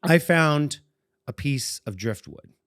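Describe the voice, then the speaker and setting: This time the voice is fairly high and fairly bright, slow-paced with lively intonation. The speaker, a Boston man in his forties co-hosting a podcast, drifts through a long personal story with frequent chuckles, recorded dry in studio quality.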